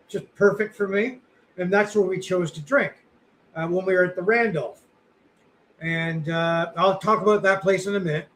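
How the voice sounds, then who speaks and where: A man's voice: high-pitched, slight background noise, low-quality recording. A middle-aged man co-hosting a podcast, chatting casually in a rambling, self-deprecating way with lots of fillers. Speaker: podcast co-host. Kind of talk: casual chat.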